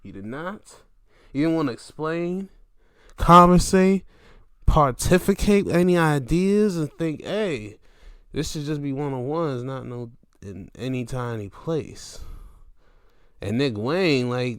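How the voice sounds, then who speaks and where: A man hosting a casual wrestling recap, animated, swearing freely and acting out what others said. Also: mid-range voice, slow, clear, resonant tone, no room sound, studio quality. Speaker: podcast host.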